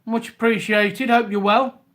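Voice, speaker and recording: Scouse man, high voice, unhurried, chatty live-stream host, greets viewers by name. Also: steady tone, a bit bright. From Liverpool, England. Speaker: reseller livestream host. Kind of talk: casual live-stream chat.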